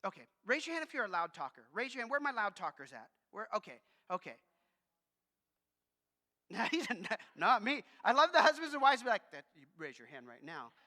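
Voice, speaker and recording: A man preaching a sermon to his congregation, a loud talker who speaks in an animated, conversational way. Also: very high-pitched, fairly quick. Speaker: pastor. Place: church sanctuary with congregation. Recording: long reverb of a large church hall.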